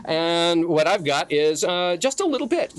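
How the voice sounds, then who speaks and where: Man, classroom lecture, very lively pitch, joking, chants the meter aloud, conference session. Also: moderate pace. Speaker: Latin teacher giving a conference session.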